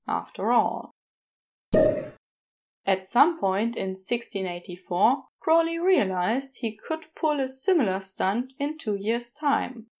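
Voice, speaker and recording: A woman narrating a fan story as a podfic reader, in a measured, gentle storytelling manner. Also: on the high side.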